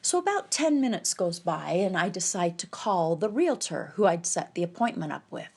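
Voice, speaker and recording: A woman telling a tense personal story, halting and quoting the people she met. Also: lowish voice, very animated, vocal fry. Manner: tense, halting retelling with quoted dialogue. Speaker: podcast storyteller.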